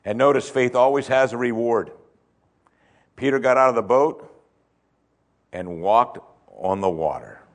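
A man preaching a sermon, swinging between loud emphasis and hushed tones and repeating phrases for effect. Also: mid-range voice, lively intonation, measured pace, pauses often. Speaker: pastor.

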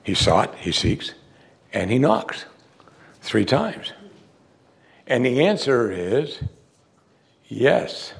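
Male preacher, gravelly voice, emphatic, asks rhetorical questions, reads scripture in between. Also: mid-range voice, sing-song, extremely slow, pauses often. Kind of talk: sermon.

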